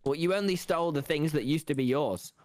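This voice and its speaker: A young man on a gaming stream, loud and incredulous, swearing often. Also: fairly high pitch, a little fast. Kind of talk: casual gaming stream chat.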